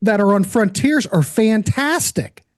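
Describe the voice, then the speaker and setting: A man's voice: sits high, lively intonation, a little slow. A man hosting a casual interview, chatty and keen on rock music, asking long winding questions. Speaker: host.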